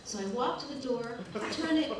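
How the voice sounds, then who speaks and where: A woman's voice: fairly high pitch, fairly quick. A woman telling a personal story to a live audience, wry and self-mocking, acting out what people said. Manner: wry, self-mocking, lively quoted asides. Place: art gallery event space. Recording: very echoey room, distant mic, noise.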